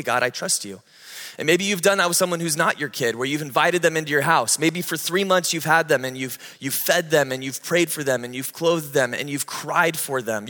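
A male pastor with a bright, forceful voice that sits a little high, preaching with animated storytelling. His voice carries a long reverb from a large hall. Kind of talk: sermon.

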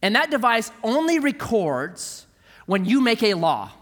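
Male pastor, middle-aged, sermon delivery. High, bright voice that swings widely in pitch, with a long hall reverb. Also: unhurried. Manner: animated storytelling, acting out quoted voices.

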